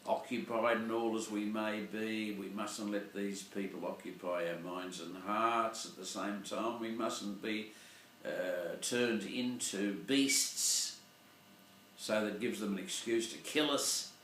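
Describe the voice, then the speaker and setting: A man's voice: lowish voice, steady tone, takes it slowly, a bit bright, slight background noise. An older man, a Catholic priest giving a rambling, digressive Sunday reflection and often searching for words. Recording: echoey room, voice from far off.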